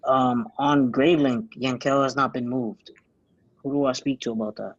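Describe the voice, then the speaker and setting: A man's voice: mid-range voice, fairly even intonation, normal speed, no echo. A man teacher taking roll in an online class on a video call, matter-of-fact. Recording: dull, dry video-call audio.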